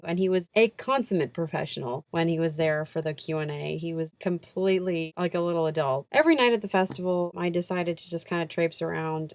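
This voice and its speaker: A woman's voice: lowish voice, no room sound. A young woman telling festival stories in a chatty, self-mocking vlog, acting out bits of dialogue. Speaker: vlogger. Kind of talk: casual festival vlog storytelling.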